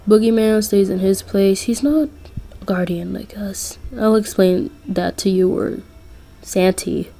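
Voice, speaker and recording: A cocky young male winter spirit with a rambling, offhand way of talking, as a woman reads him out in a fan audio story. He drawls slowly, his tone soft and mellow. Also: mid-range voice. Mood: breezy. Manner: casual, rambling.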